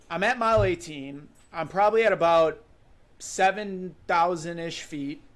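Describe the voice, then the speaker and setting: A man in his twenties from Wisconsin, a podcast guest vividly telling a story in a casual way, often using "like" and "you know". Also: on the high side. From Wisconsin, USA. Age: 20s. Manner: animated, vivid recounting with frequent "like" and "you know".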